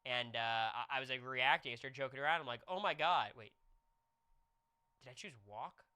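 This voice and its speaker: A young man streaming, chatting casually with viewers and telling a jokey, animated story. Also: mid-range voice, normal speed, clear, resonant tone.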